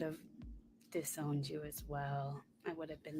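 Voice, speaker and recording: A woman's voice: deep voice, little pitch movement, measured pace, mellow, soft background music. A woman in a reaction video, talking in a sarcastic, scolding and mocking way.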